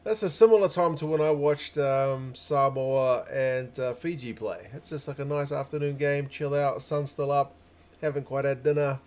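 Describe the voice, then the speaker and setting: A young man hosts a casual live stream and greets his viewers one by one. His voice sits at an ordinary middle pitch, and his talk is relaxed, chatty and upbeat. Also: normal speed. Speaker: livestream host. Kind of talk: casual livestream chat.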